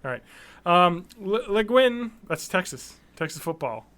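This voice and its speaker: Sardonic high-voiced man hosting a podcast. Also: big pitch swings, measured pace, a bit bright. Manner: sardonic, reads news stories aloud with jokes. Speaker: podcast co-host. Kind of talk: casual podcast chat.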